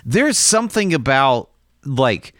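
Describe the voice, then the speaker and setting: A man's voice: mid-range voice, big pitch swings, slow, a bit bright, dry recording, clean studio sound. A man co-hosting a casual podcast, joking and laughing often. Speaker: co-host.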